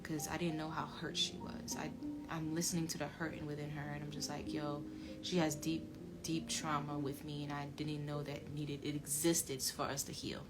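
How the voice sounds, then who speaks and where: A woman tells her own story to viewers, her low voice dropping to a hush and then rising loud as she repeats phrases. She curses freely and talks animatedly. Music plays clearly behind her. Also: little pitch movement, normal speed. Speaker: commentary channel creator telling her story. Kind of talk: emotional personal storytelling to viewers.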